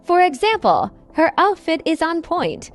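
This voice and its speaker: A woman with a high, bright-sounding voice that swoops up and down a lot. She co-hosts a scripted English lesson, cheerfully explaining slang with examples. Soft music plays underneath. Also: huge pitch swings, a little slow. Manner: upbeat, explains phrases with examples. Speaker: co-host and English teacher.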